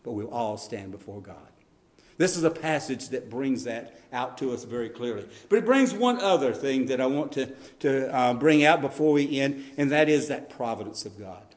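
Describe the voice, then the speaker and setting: A pastor preaches an earnest sermon at a moderate pace, his voice expressive. He rises on scripture readings and drops low to stress key lines, with occasional ums and restarts.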